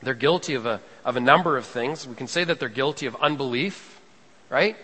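Bright-voiced preacher in a reverberant hall. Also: male voice, mid-range voice, brisk, breathy edge. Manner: rising and falling preaching delivery, quotes scripture dramatically. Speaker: pastor. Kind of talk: sermon. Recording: long reverb of a large hall.

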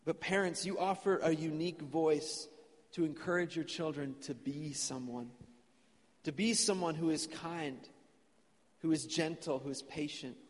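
A man's voice: a little high, unhurried, big-room sound. A young man preaching a sermon earnestly, repeating phrases for emphasis. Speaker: pastor. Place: church.

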